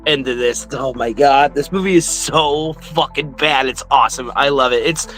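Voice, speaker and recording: Excitable, bright-voiced laughing man. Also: medium pitch, normal speed, faint music behind. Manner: excitable, laughs often, swears freely. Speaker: co-host of a horror movie review show. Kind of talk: casual podcast chat.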